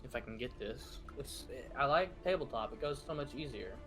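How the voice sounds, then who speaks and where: A man's voice: medium pitch, expressive, fairly quick, fairly bright tone, faint music behind. A man narrating and running a tabletop game as game master, describing actions with lots of fillers and restarts. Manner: narrates actions with frequent fillers and self-corrections.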